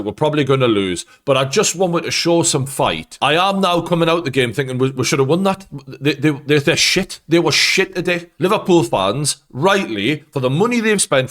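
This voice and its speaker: A man's voice: fairly high pitch, fairly bright tone. A man giving an angry post-match football rant as host, swearing heavily. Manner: angry, heavy swearing, ranting.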